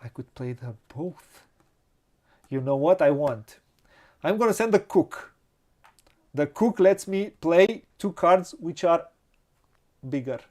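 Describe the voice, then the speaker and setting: A man with a Romanian accent, a non-native English speaker, hosting a board game playthrough and thinking aloud slowly and hesitantly, with frequent laughs. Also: fairly high pitch, animated, a little mellow. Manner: slow, hesitant, muttering to himself, laughs often. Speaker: board game channel host.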